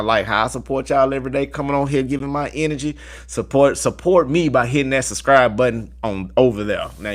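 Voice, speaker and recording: A man's voice: mid-range voice, a bit bright. A man with a Southern US accent giving a casual tarot reading to his viewers and repeating affirmations in a chanting way. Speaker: tarot reader.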